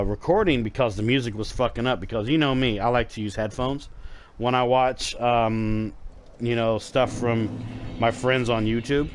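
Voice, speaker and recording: A man's voice: medium pitch, a little hiss or hum. Chatty, rambling man streaming a game. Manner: rambling, chatty, swears freely, talks straight to viewers. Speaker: gaming streamer. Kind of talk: casual live gameplay commentary.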